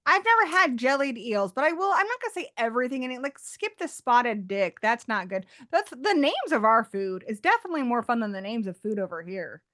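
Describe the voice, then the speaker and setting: An adult woman from England, whose accent blends British and American, chats casually and rambles a little. Her voice is on the high side and sing-song, fairly bright, and she talks a little fast with few pauses.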